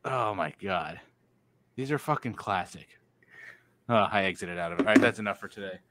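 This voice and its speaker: A man co-hosting a podcast in casual chat, loud and excitable, laughing and swearing often. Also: on the low side, a little fast. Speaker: podcast co-host.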